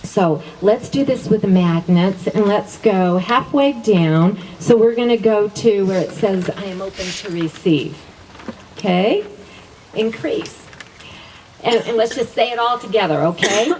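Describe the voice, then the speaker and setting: A woman's voice: medium pitch, animated, a little slow, a crowd in the background. A middle-aged woman teaching a class, leading spoken affirmations and repeating each phrase twice in an upbeat way, laughing often. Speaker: wellness teacher. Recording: voice from a distance with faint background noise.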